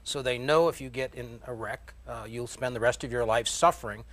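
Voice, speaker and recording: Man with a bright, forceful voice. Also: mid-range voice, fairly quick, no room sound. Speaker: panel guest. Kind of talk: panel talk show debate.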